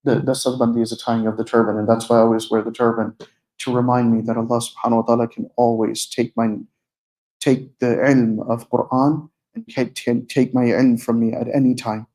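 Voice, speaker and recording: A man giving a sermon in a mosque, telling a personal story in an earnest, conversational way and slowing down to stress the key moments. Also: medium pitch, level tone, darkish tone. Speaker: preacher giving a night talk. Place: mosque prayer hall. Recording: echoey mosque hall.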